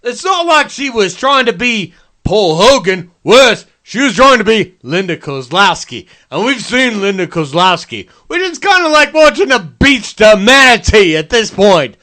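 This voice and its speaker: A man doing an impression of a brash, foul-mouthed male Australian comedian, in a put-on Australian accent, loud and swearing. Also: high voice, big pitch swings, measured pace, exaggerated voice. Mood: ranting.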